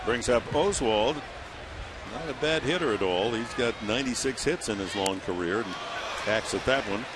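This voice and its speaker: A man calling a baseball game play-by-play in a steady, informative way, a little hoarse. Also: mid-range voice, moderate pace. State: slightly hoarse. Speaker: play-by-play announcer. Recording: broadcast booth over loud stadium crowd. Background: loud stadium crowd noise.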